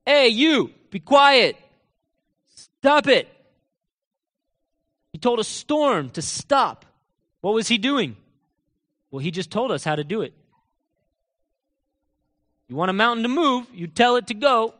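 High-pitched guy preaching in church, lots of rhetorical questions, big echoey hall. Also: very animated, measured pace, pauses often. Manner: emphatic, rhetorical questions, drops to quiet asides. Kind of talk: sermon. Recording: long reverb of a large hall.

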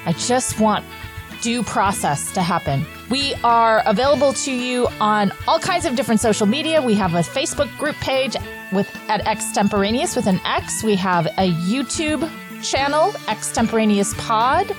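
A woman hosts a podcast in an earnest, chatty voice set a little higher than most. Faint music plays softly beneath her talk. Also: expressive, moderate pace. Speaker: podcast host. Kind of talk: casual chat.

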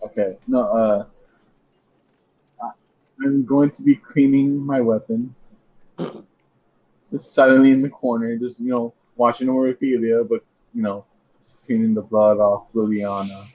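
A man's voice: medium pitch, level tone, measured pace, long pauses, a little mellow, no echo. A man playing a tabletop game, speaking casually and hesitantly. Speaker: player. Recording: dull lo-fi mic.

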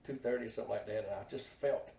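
A man's voice: lowish voice, fairly even intonation, fast, gravelly, mellow. A man who worked on a race team, telling stories in a plain-spoken, laid-back way as a guest. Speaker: guest, former race team crew member. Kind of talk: casual storytelling chat. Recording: echoey room, mic at a distance.

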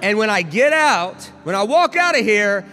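A triumphant, defiant Jesus, as a preacher puts him on, booming and climbing higher with each line. The voice is bright and keen and swings widely in pitch. It rings through a large echoing hall. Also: male voice, sing-song, normal speed, faint music behind, heavily acted. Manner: booming, rising to near shouts.

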